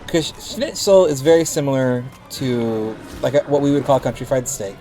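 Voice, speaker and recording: A man's voice: mid-range voice, lively intonation, normal speed, warm tone. A man with a lisp, a game streamer from the United States, chatting casually with his viewers and thinking aloud with restarts as he plays. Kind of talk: casual chat with stream viewers while gaming.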